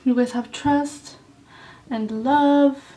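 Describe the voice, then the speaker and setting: A woman's voice: sits high, fairly even intonation, extremely slow, mellow, recorded from a distance, rough recording. A young woman telling a story on her vlog in a blunt, casual way, swearing a lot and saying "like" often. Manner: blunt, heavy swearing, lots of "like". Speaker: vlogger.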